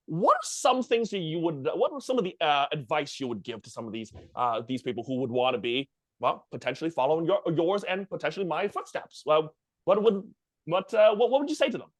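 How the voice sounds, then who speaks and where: A man's voice: on the high side, expressive, a little fast, no echo, clean studio sound. A man hosting a casual podcast interview, rambling through his questions with many restarts. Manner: rambling, many restarts and fillers, frequent backchannels. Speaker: podcast host.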